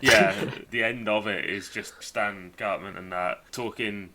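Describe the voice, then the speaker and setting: A man in a casual podcast chat who speaks haltingly, often restarting his sentences. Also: on the low side, fairly even intonation, pushed and bright.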